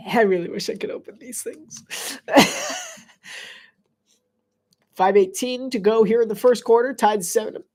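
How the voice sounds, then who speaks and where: A congested woman doing casual live play-by-play of a football game, chatty and quick to laugh. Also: fairly high pitch, darkish tone. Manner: chatty, giggly, easily distracted.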